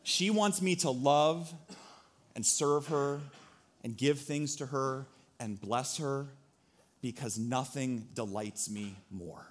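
A man's voice: mid-range voice, slow. A young man preaching a sermon, joking and acting out little scenes as he tells a story. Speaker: pastor.

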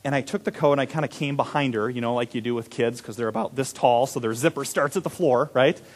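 A young adult man preaching a sermon as a pastor, telling a story with animated delivery that swings from loud emphasis to hushed, quiet moments. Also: mid-range voice, quick pace.

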